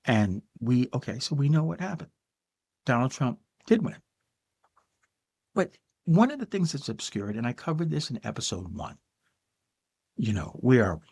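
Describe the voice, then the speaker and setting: An older man delivers solo commentary as host of his show, speaking right to the listener. His voice is rough and gravelly with a husky edge, and he pushes his points with emphasis, often pausing on an "okay". His pitch sits in a middling range for a man. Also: darkish tone. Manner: emphatic, talks straight to the viewer with frequent "okay"s. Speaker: podcast host.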